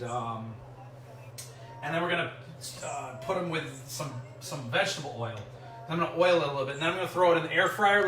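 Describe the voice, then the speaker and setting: A man's voice: a little high, sharp tone, roomy sound, recorded from a distance. A man from the United States hosting a casual home cooking vlog. He jokes and thinks aloud as he cooks, and drifts away from the mic at times. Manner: chatty and joking, thinking aloud while cooking. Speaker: cooking show host. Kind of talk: casual cooking vlog, talking to live chat. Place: home kitchen, indoors.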